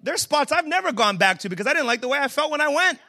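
A man pastor giving a humorous, conversational sermon at a church service, joking with the room and building to emphatic shouts. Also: very high-pitched, big pitch swings, fast talker.

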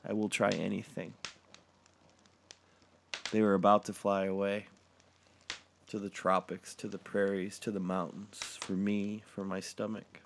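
A man reading a dark comic story in the first person, with a deadpan delivery. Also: on the low side, moderate pace, slight background noise.

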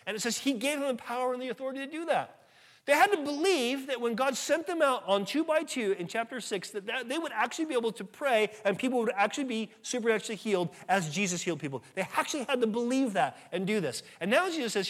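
A pastor giving an earnest, conversational sermon, his voice swelling louder at times. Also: very high voice, expressive, fast. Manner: earnest, conversational preaching with sudden rises in volume.

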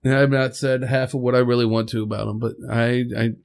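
A man hosting a podcast, giving a halting, emotional spoken tribute while fighting back tears. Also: medium pitch, level tone, a little mellow. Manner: halting, rambling, with restarts. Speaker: podcast host.

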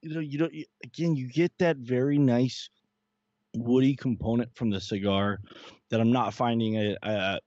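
A man's voice: mid-range voice, fairly even intonation, normal speed, darkish tone, no room sound, muffled recording. A man co-hosting a casual cigar and beer tasting chat, talking in long rambling runs full of fillers and restarts. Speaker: podcast co-host.

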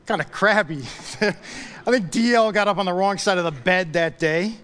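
Emphatic male preacher, slightly high voice. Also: normal speed. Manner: emphatic, repeats key phrases; drops to a soft low voice for prayer. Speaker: pastor. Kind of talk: sermon.

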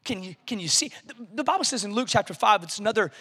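Male pastor, very high bright voice, lively preaching, church hall reverb. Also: fast, husky. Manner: energetic preaching with rising shouts and playful asides. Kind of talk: sermon.

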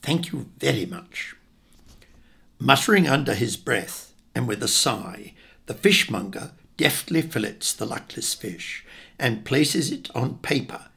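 A man's voice: medium pitch, lively intonation, unhurried, vocal fry, fairly bright tone, breathy edge. An older man from England reading his childhood memoir in a wry, reflective way. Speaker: narrator.

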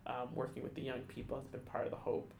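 Halting, emotional man telling a story. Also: mid-range voice, monotone, vocal fry, a little mellow, roomy sound, slight background noise. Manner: halting, many restarts and fillers, emotional. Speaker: guest, theater education staff. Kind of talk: conversational storytelling.

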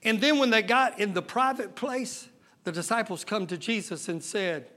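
A male pastor preaching a sermon, moving between quiet storytelling and shouted exhortation, with folksy grammar and questions to the congregation. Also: moderate pace. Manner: builds from low retelling to shouted exhortation.

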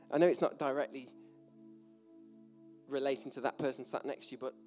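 A man's voice: mid-range voice, steady tone, moderate pace, a little mellow, faint music behind. A British man giving a sermon in a church hall, chatty and self-deprecating, with jokey asides. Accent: British English. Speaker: preacher. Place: church hall with a gathered audience.

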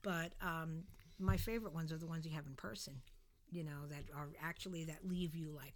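A middle-aged woman telling a story in a casual podcast chat, animated and dramatic. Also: low voice, fairly quick, slight background noise.

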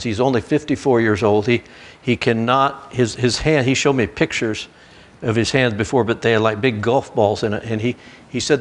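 A man's voice: medium pitch, normal speed. Middle-aged male preacher, storytelling sermon delivery with frequent restarts. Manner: storytelling with many restarts and lively quoted voices. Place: church.

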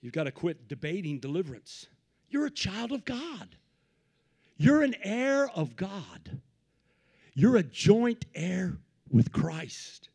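A man preaching a Pentecostal sermon, swinging from low asides to shouted peaks and repeating phrases in a rhythmic build. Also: big pitch swings, slow, long pauses, husky. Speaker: pastor.

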